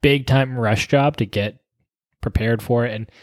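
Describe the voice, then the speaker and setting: A male firefighter chatting casually, relaxed and laid-back. His voice has a middle pitch and a dry, close sound. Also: a little slow, dry recording. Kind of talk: casual chat.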